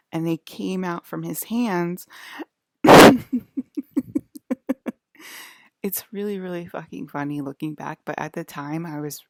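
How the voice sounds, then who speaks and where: Low-voiced young woman telling a story. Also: darkish tone, dry recording, studio quality. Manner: rambling, full of fillers and swearing, laughing often. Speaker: vlogger. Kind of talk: casual storytelling.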